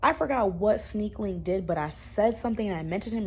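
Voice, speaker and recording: A woman's voice: mid-range voice, quick pace, few pauses, slight background noise. A young woman in a casual storytime vlog, talking bluntly in slang and swearing freely. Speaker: YouTube storyteller.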